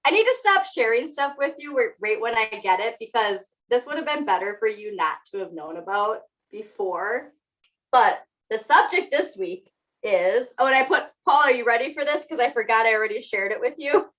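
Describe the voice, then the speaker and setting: A young woman co-hosts a podcast in loose, casual conversation, laughing often and poking fun at herself. Her voice is bright and pitched a little high. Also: animated, normal speed, rough recording. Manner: chatty, laughs often, self-teasing. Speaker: podcast co-host. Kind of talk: casual chat.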